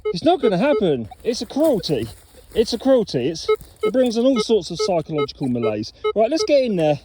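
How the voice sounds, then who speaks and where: A man's voice: high voice, huge pitch swings, a little fast, background noise. A man metal detecting outdoors, chatting playfully to camera and mock-scolding his finds. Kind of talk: casual talk to camera while detecting. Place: outdoors in a field.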